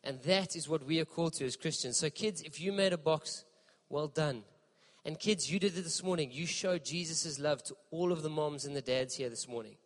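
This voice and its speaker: A man preaching a sermon in a church, impassioned and emphatic, with dramatic pauses. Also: fairly high pitch, in a large hall. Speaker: pastor.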